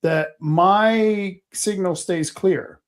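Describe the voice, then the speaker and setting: A man hosting a casual political panel talk show, rambling and halting with many fillers. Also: high voice. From Oregon. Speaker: host.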